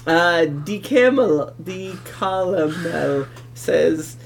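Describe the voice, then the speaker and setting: A man's voice: a little high, lively intonation, very slow, gravelly, a little hiss or hum. A man co-hosting a podcast, chatting casually and reading listener reviews aloud with asides. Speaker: podcast co-host.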